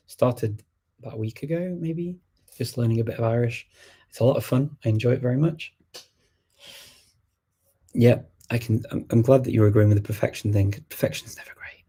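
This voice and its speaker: A man's voice: lowish voice, mellow, slightly rough. A middle-aged man hosting a casual livestream Q&A, rambling and thinking aloud with many fillers. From England. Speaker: host. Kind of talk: livestream Q&A chat.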